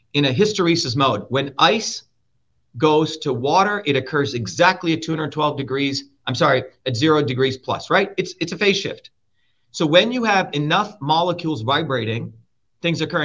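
A man's voice: on the high side, fairly bright tone. A man being interviewed as a political candidate, talking in a combative, emphatic way and swearing often. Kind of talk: heated interview talk. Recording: muffled lo-fi sound.

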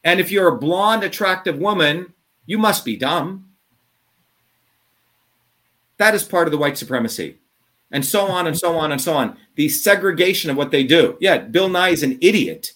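A man ranting combatively in an interview, profane and heated, swinging between fast bursts and drawn-out words. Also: a little high, lively intonation, a bit bright. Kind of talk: impassioned interview talk.

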